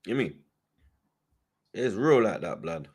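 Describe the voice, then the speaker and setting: A man's voice: sits low, big pitch swings, slow, a little mellow, husky. A young man hosts a fan channel, chatting casually and reading viewer comments, with constant slang and "you get me" tags. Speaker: football fan channel host.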